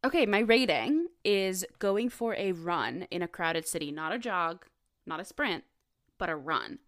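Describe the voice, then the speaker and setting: Chatty, enthusiastic woman co-host with a fairly low voice; casual podcast talk. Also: lively intonation, dry recording, studio quality. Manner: chatty, enthusiastic, quick asides. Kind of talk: casual chat.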